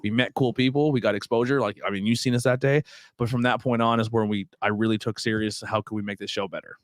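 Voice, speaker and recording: Swearing, animated male podcast host. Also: lowish voice, fast talker, no echo, studio quality. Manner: animated storyteller, swears freely, acts out quoted voices. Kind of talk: casual podcast chat.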